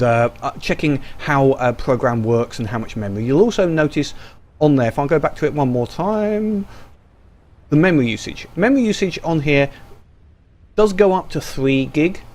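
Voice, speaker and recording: A man's voice: mid-range voice, a little mellow. A man giving casual, rambling gameplay commentary full of ums and restarts, recorded over a screen capture. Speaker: gaming YouTuber.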